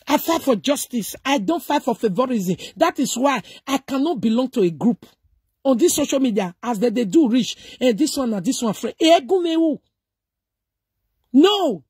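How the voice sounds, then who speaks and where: A woman's voice: high voice, expressive, normal speed, a little mellow, husky, dry recording, studio quality. A middle-aged woman with a Nigerian accent giving emphatic, preachy commentary, mixing Pidgin and English. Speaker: social media commentator. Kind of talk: casual commentary.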